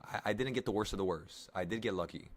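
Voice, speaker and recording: Low-voiced young man coaching traders. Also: quick pace. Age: 20s. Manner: coaching, reassuring, rambling. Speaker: options trading streamer. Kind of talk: casual live trading talk to viewers.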